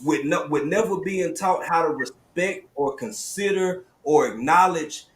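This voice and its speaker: A man with a Southern US accent, hosting a live stream panel, telling stories in lively slang over a video call. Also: fairly high pitch, unhurried, echoey room. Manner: animated, storytelling, drawling slang. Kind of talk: casual panel talk.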